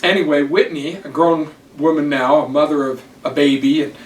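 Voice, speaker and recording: An older man and church teacher giving a devotional talk, telling personal stories slowly and deliberately. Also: a little high, steady tone, slight background noise. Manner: slow, deliberate storytelling. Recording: roomy, distant mic, faint ambience.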